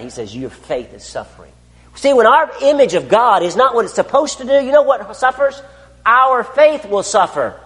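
A man preaching a sermon, asking his listeners rhetorical questions and swinging between loud declarations and hushed asides. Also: mid-range voice, long reverb tail. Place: church.

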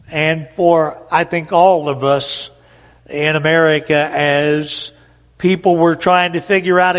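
A man giving a sermon-style talk to a morning gathering, telling a story slowly with frequent "uh" pauses. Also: fairly high pitch. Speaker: speaker at a morning church gathering. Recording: dull lo-fi audio with long hall reverb.

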